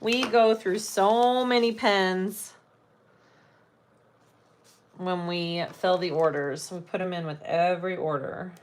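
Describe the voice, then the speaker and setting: A woman's voice: fairly low pitch, steady tone, slow pace, long pauses, slight background noise. A woman hosting a live sewing stream, thinking aloud as she works and chatting with viewers. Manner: thinks aloud while working, chats with viewers. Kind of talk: casual live sewing chat.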